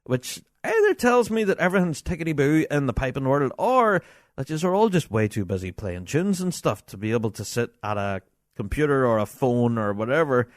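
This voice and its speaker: A man's voice: mid-range voice, dry recording. Chatty middle-aged man, dry close sound. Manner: chatty, animated, laughs often, many fillers. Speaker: podcast host. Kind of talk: casual chat, reading listener emails.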